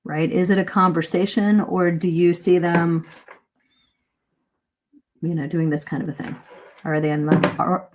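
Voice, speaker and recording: A middle-aged woman coaching English speaking in a live-streamed lesson, lively and shifting her pace and emphasis to demonstrate. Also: lowish voice, measured pace, pauses often, slight background noise.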